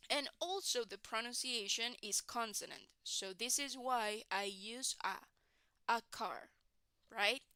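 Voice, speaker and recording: Woman, teacher, slow classroom explanation, smooth clear voice, dry close sound. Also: on the high side, pushed and bright, dry recording. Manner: repeats "right, guys?" often, restarts and repeats words. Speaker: English teacher.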